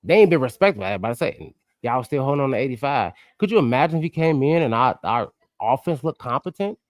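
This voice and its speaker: A man co-hosting a sports podcast, ranting excitably and swinging between loud outbursts and quiet asides. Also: mid-range voice, fast, no room sound, clean studio sound. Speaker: podcast co-host. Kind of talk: animated sports podcast chat.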